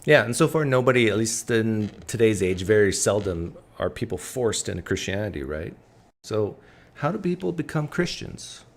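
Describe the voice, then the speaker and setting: A man hosting a live stream, giving reaction commentary in a deliberate way and slowing down to stress his points. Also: lowish voice, sing-song. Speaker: host.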